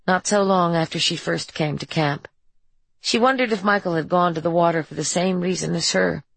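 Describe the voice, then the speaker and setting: A woman narrating an audiobook in a steady, even way. Her voice is low, gravelly and husky, and it is recorded close and dry. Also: no room sound, poor audio. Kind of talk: scripted narration.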